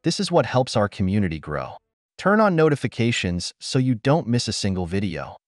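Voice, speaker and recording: Blunt low-voiced male commentary host. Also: big pitch swings, a little fast, no echo, studio quality. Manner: blunt and opinionated. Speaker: channel host. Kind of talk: scripted commentary narration.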